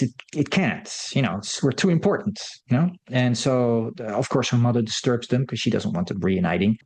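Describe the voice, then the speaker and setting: Man casually recapping a film. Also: medium pitch. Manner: rambling, full of fillers and restarts. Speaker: film commentator.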